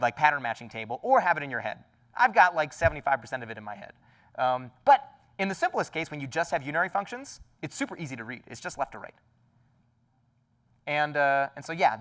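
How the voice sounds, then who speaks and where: A man's voice: on the high side, a bit bright, distant mic. A man giving a technical talk at a conference, explaining enthusiastically with lots of fillers and restarts. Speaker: conference speaker. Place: conference hall.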